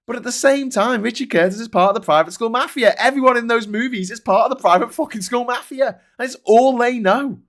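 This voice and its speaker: A man's voice: very high voice, fairly quick, few pauses, a bit bright. A man hosting a casual chat, ranting and swearing freely as he answers viewers. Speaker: host.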